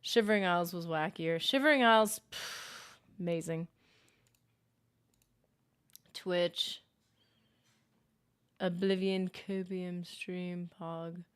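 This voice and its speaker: A young adult woman hosting a casual gaming livestream, chatty and excitable, reading chat aloud and reacting. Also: fairly low pitch, takes it slowly, pauses often, smooth. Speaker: livestream host.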